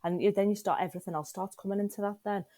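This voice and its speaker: A woman's voice: mid-range voice, fairly even intonation, very fast, mellow, no room sound. A middle-aged woman frankly and emotionally telling her personal story as a podcast guest, often turning to the listener with questions.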